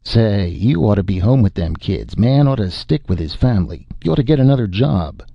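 Casting: a man playing a giddy, slurring drunk spacer, raised pitch, gravelly and husky. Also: expressive, moderate pace, dry recording, muffled recording. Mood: rambling. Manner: loud, rambling, giddy. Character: drunk, boisterous male spacer just back to Earth.

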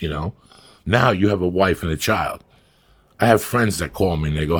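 A man's voice: deep voice, fairly quick, a bit bright, breathy edge. A middle-aged man, talking bluntly and profanely as a guest in a casual podcast chat, rambling through stories. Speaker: podcast guest, actor and comic.

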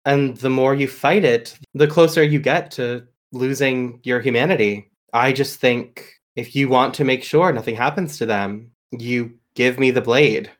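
A man voicing a calm, menacing male villain who speaks softly, slowly and in a measured way. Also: medium pitch, natural voice. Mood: coolly menacing.

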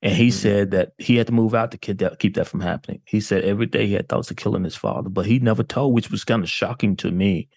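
Husky-voiced man recounting a case. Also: fairly low pitch, fast, hardly any pauses, dry recording, clean studio sound. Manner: animated retelling with quoted dialogue. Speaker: detective guest. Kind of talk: casual storytelling.

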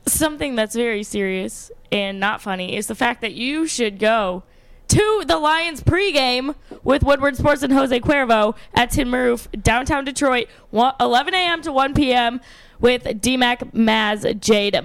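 A woman's voice: fairly high pitch, smooth, dry recording. A woman hosting a sports radio show, teasing her co-hosts and reading live promos. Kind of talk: casual sports talk.

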